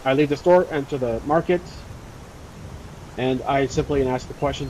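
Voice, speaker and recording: A man's voice: medium pitch, moderate pace, darkish tone, a little hiss or hum, low-quality recording. A man narrating his solo tabletop role-playing game in a casual, rambling way with many fillers.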